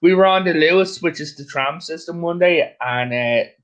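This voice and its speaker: A man's voice: fairly high pitch, moderate pace. A man telling jokey, profane anecdotes in casual chat.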